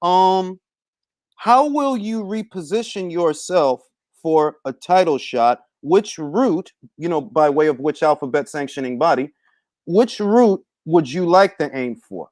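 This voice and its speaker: Animated high-pitched male host. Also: measured pace, dry recording. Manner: animated, swears a lot, slangy. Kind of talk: casual interview chat.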